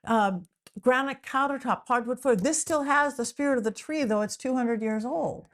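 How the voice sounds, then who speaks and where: A middle-aged psychic medium from Southern California, appearing on a podcast, has a voice that sits high and a moderate pace. She explains in a casual, animated way and often restarts mid-thought.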